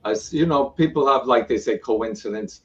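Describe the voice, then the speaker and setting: Man telling his spiritual story as a guest, lively and acting out quotes, set back from the mic. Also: mid-range voice, moderate pace, distant mic, lo-fi sound, slight background noise. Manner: retells events with repeated "I go" and acted-out quotes. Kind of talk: animated personal storytelling.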